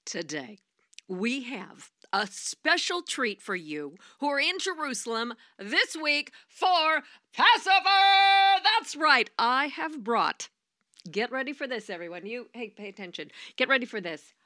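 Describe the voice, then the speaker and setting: A woman's voice: high-pitched, very animated, unhurried, pushed and bright, dry recording, studio quality, full character voice. A woman playing a brash showy talk show hostess. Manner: over-the-top showy hostess, playful ad-libs. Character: brash Oprah-like female talk show host. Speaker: voice actor. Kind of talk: comedic raw voiceover takes.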